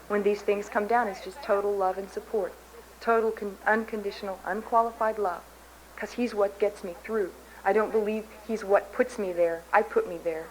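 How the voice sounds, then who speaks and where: A woman's voice: mid-range voice, a bit bright, a little hiss or hum. A woman from Kansas giving a candid, self-mocking personal recovery testimony from a podium in a large convention hall. She laughs often at herself. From Kansas, USA. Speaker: main speaker at a recovery convention.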